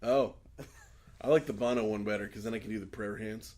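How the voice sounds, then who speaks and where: A man's voice: fairly low pitch, steady tone, normal speed, a little mellow. A man co-hosting a podcast in casual chat, rambling, swearing and laughing often. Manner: rambling, swearing, laughs often, retells scenes in put-on voices. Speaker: podcast co-host.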